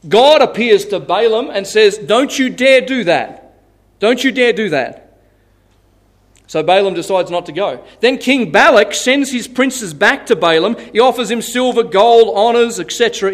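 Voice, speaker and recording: A man preaching a sermon as pastor, telling Bible stories in a lively way and laughing at his own tales. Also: high-pitched, normal speed.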